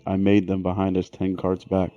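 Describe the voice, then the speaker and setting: A man's voice: low-pitched, monotone, moderate pace, warm tone, muffled recording, soft background music. A man playing a tabletop game in character, brash and boastful, swearing freely. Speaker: player.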